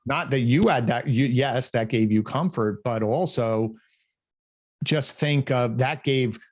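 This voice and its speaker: A man's voice: mid-range voice, takes it slowly, a little mellow. A man hosting an interview podcast, talking with enthusiasm and asking wrap-up questions. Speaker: podcast host. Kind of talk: interview conversation.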